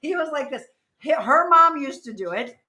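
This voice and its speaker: A middle-aged woman hosting a casual livestream chat, talking quickly and laughing with people around her. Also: high voice, expressive, pushed and bright. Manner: chatty, laughing, quick asides to people in the room. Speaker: host.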